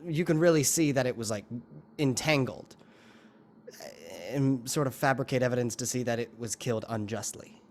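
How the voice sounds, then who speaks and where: A dry, matter-of-fact man playing a tabletop game in casual chat. His voice sits at a middle pitch. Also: moderate pace, darkish tone, a little hiss or hum. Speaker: player.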